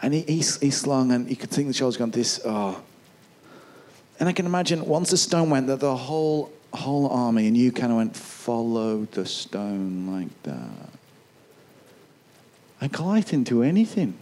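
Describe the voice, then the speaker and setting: A man preaching a sermon, retelling a Bible story with lively asides and putting on quick voices for the people in it. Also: medium pitch. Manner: acts out voices of soldiers and kings; chuckles and asides.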